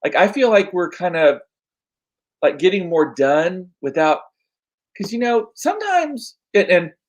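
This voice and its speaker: Male host, casual chat, slightly high pitch, hoarse from losing his voice, rambling. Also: very animated, a little slow, low-quality recording. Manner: chatty, rambling with frequent fillers. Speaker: podcast host.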